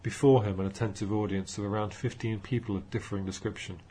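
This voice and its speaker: Brief: man reading fiction aloud, low, husky, measured. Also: fairly even intonation, dark tone. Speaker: audiobook narrator. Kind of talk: audiobook narration.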